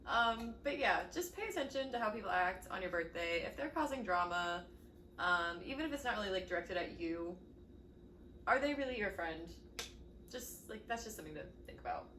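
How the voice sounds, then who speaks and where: A young woman co-hosting a podcast in casual chat, halting and filler-heavy, agreeing along. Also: medium pitch, lively intonation, bright, forceful tone. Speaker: podcast co-host. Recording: roomy, mic at a distance, faint hiss.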